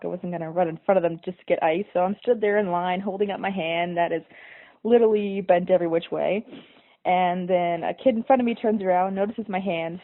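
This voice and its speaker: A young woman tells a personal story in a casual, animated way, poking fun at herself. Her voice sits in the middle range. The sound is thin and narrow, like a phone line. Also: medium pitch. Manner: animated, self-mocking retelling with dramatic quoted voices. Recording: tinny phone-like audio.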